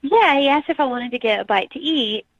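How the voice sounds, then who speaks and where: A female caller with a slightly high voice, telling her story in a chatty, easygoing way. The phone line sounds dull and dry. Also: expressive, fairly quick, no echo. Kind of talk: phone-in chat.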